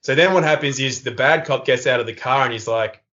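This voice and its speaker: A man's voice: mid-range voice, fairly quick, pushed and bright. A man, a podcast guest, telling a rambling funny anecdote with lots of fillers and laughter. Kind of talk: casual storytelling in an interview. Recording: slightly lo-fi podcast audio.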